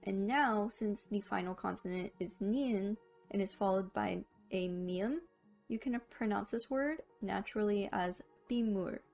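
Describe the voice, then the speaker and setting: A woman narrating a scripted language lesson, explaining rules clearly and slowing down to sound out each example word. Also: mid-range voice, darkish tone, faint music behind. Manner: clear, careful explanation with slow, drawn-out example words. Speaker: language teacher.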